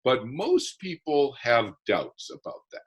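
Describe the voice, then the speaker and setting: A man with a husky, slightly rough voice at a middle pitch, talking as a guest in a casual interview. He explains things earnestly and methodically, stumbling into repeated restarts as his thoughts gather. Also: very animated, slow.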